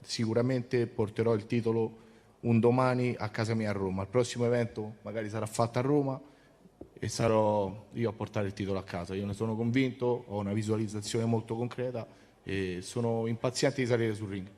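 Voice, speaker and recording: A man's voice: lowish voice, fairly even intonation, fast, warm tone. A man from Rome, a fighter, speaking with determined pride. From Rome, Italy. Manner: determined, proud. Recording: reverberant hall.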